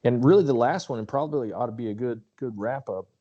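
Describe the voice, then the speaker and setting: A man's voice: mid-range voice, fast talker, dark tone, slightly rough, dull audio. A middle-aged man hosting a podcast interview, chatting in an easygoing, rambling way. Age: late 30s or older. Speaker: podcast host. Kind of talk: casual interview chat.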